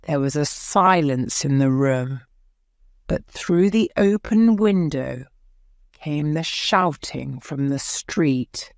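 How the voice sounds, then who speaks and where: A woman narrating a graded-reader story for English learners, reading slowly and carefully. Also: low voice, lively intonation, dry recording, clean studio sound. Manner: slow, careful, clear reading. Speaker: audiobook narrator.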